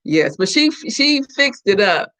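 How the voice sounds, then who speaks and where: A woman's voice: medium pitch, very animated, takes it slowly, fairly bright tone. Chatty middle-aged woman from Florida, storytelling. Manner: chatty storyteller, acts out quoted voices. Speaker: live-stream host. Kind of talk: casual chat with viewers.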